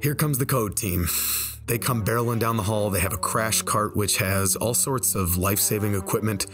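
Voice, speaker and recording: A man telling a personal story in a relaxed, conversational way over gameplay, slowing down for the tense moments. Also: on the low side, over music. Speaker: storyteller and game video creator. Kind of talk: casual spoken storytelling. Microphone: desk microphone.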